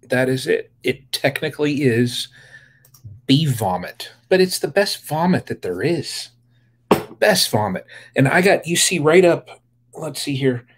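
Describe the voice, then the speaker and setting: A man hosting a casual beekeeping livestream, rambling with lots of fillers and greeting viewers by name. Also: medium pitch. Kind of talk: casual live-stream chat.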